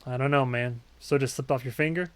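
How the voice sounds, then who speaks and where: A man's voice: mid-range voice, steady tone, a little fast, close to an everyday voice. A man voicing a laid-back, friendly young male raccoon detective in a game. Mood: easygoing.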